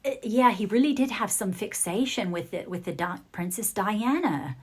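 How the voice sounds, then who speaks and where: A woman giving a channelled psychic reading, relaying messages in halting bursts with soft murmured asides. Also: mid-range voice, animated, husky. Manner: hesitant, relaying what she hears in bursts. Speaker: psychic reader.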